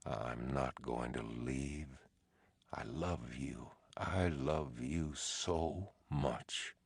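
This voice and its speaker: A man reading aloud, voicing a grieving husband in a slow, whispery, tearful way. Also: rumbling low, animated, vocal fry, warm tone, husky, no echo, exaggerated voice. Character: grieving man clinging to his dead wife.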